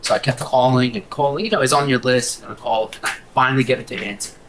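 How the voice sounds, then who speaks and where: A man working as a broker, telling a lively anecdote to a workshop audience. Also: medium pitch, fast, a little hiss or hum, low-quality recording. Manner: lively storyteller, acts out quotes.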